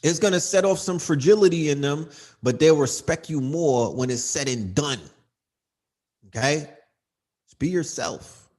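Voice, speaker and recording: Guy ranting on his livestream, kinda high voice, cussing, keeps saying you know what i mean. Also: unhurried, pauses often, a little mellow. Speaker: livestream host. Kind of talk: casual livestream rant.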